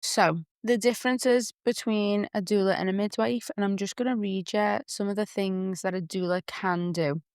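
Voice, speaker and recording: Young Liverpool woman, podcast host, chatty and frank, crisp tone. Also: mid-range voice, moderate pace, few pauses, no echo, studio quality. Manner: chatty, candid, quotes people in lively voices. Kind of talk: casual chat.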